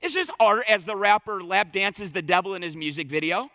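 A man's voice: high-pitched, fairly quick, sharp tone, no echo, long reverb tail. A man preaching a sermon, emphatic and fervent, often repeating words as he starts a phrase. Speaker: pastor.

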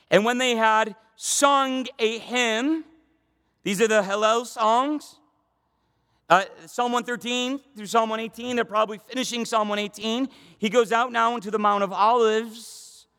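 A fervent male preacher with a notably high voice teaching scripture, driving points home by repeating them. He keeps a loose, conversational delivery full of restarts. His voice rings with long reverb in a church hall. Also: fairly bright tone, clean tone. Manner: fervent, emphatic, repeats phrases for stress. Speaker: pastor teaching a Bible study. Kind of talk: expository sermon.

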